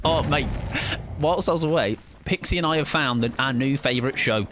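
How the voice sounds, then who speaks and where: A man's voice: a little high, brisk, background noise. A man streaming a game live, chatting with his viewers in a casual, jokey way. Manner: chatty, jokey, reads chat aloud. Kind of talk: casual live-stream chat while gaming.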